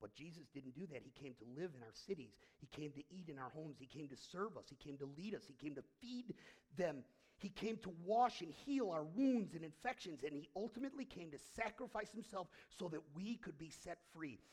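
A man preaching a sermon as pastor in a church, telling the story dramatically and swinging between loud, emphatic bursts and hushed passages. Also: fairly high pitch, animated, brisk, husky.

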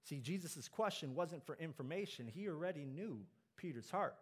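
Male preacher, slightly higher voice, sermon delivery with dynamic swings between loud peaks and soft lows. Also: expressive, moderate pace, slightly rough. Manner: builds to loud emphatic peaks, drops low and soft on key lines.

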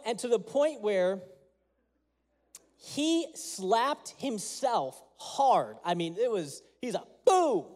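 High-voiced man preaching a sermon. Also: big pitch swings, takes it slowly, darkish tone. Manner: earnest storytelling with prayer. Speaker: pastor.

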